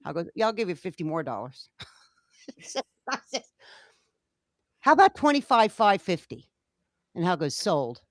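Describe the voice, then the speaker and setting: A woman co-hosting a relaxed chat, her voice sitting on the low side. She spins an animated story and plays out each line of dialogue. The sound is dry and close, with no room echo. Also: a little slow, long pauses. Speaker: co-host. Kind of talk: casual chat.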